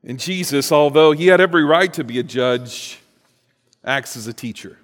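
A man's voice: a little high, moderate pace, fairly bright tone. A man preaching a sermon as pastor, reading scripture and then talking with playful asides to the congregation. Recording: long hall reverb.

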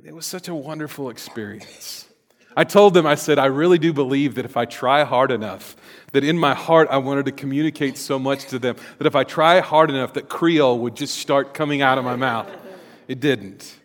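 A middle-aged man preaching a sermon as a pastor, talking conversationally with fillers and restarts and rising into loud emphasis. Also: medium pitch, moderate pace. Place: church sanctuary. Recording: long reverb of a large hall.

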